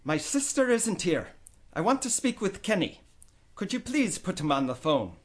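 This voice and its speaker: A man reading a storybook voicing a sharp, clipped woman, an aunt, insistent and firm. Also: high voice, sing-song, moderate pace, pitched above the performer's own voice.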